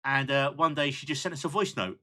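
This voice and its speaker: A man's voice: medium pitch, brisk. A man hosting a podcast in casual chat, joking with his co-hosts. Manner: animated, jokey. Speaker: podcast host.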